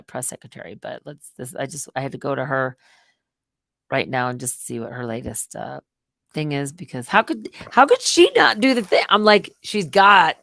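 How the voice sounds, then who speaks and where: A middle-aged woman hosting a live stream, rambling casually and swinging between loud outbursts and muttered asides. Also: very deep voice, vocal fry, no echo, clean studio sound.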